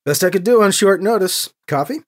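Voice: medium pitch, lively intonation, brisk, pitched above the performer's own voice, natural voice. A narrator voicing a weary male priest who talks in a wry, muttering, self-deprecating way.

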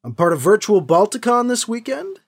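Male author-host narrator, lively delivery, raspy gravel. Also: high voice, normal speed. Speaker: host and writer. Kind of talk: audiobook narration.

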